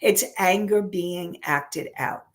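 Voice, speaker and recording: A woman counselor and life coach teaching an online class, repeating and restarting phrases as she works through an example. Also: fairly low pitch. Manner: unhurried, repeats and restarts phrases while explaining.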